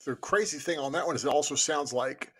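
Man podcast co-host with a husky voice, musing and hesitant casual talk. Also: on the high side, a little fast, a bit bright. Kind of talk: casual book discussion.

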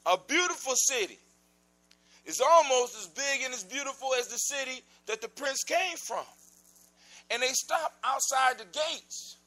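A man telling a folk tale aloud in a casual, animated, conversational way. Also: very high voice, a little slow, rough recording. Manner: animated, conversational, informal grammar. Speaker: storyteller. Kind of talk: casual oral storytelling.

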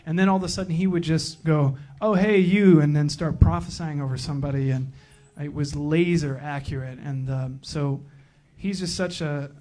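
A man at a church pulpit gives a loose, joking introduction, stumbling through fillers and restarts. His voice sits a little high for a man but has a soft, mellow tone. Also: moderate pace, few pauses. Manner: joking, rambling, with many fillers. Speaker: church pastor introducing a guest speaker. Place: church sanctuary.

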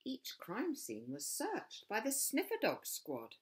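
A woman reading her own picture book aloud for children, expressive, dropping to whispers and rising to loud cries. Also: a little high, takes it slowly. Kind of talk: storybook read-aloud for children.

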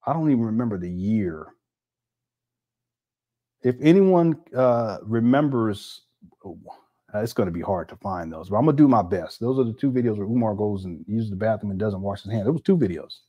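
A man's voice: fairly low pitch, expressive, brisk, dark tone, breathy edge, highs cut off. A man hosting a casual reaction commentary, rambling with many restarts and scornful asides. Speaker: commentary host.

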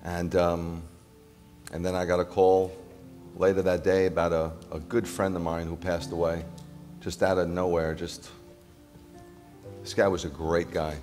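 A man's voice: deep voice, little pitch movement, unhurried, long pauses, a little mellow, big-room sound, soft background music. A man preaching a sermon to his congregation as their rabbi, speaking conversationally and pressing listeners with emphatic repeated questions.

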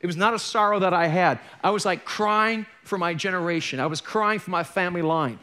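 Candid middle-aged pastor, slightly high. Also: male voice, a little fast, pushed and bright. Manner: candid, conversational preaching with joking asides. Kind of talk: sermon. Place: church.

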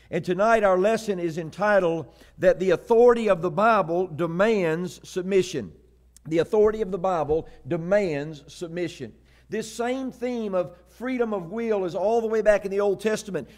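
A man's voice: high voice, darkish tone. A middle-aged man from Texas preaching a sermon, telling folksy joke stories and reading scripture with emphasis. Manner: folksy storytelling, rising to emphatic Bible reading.

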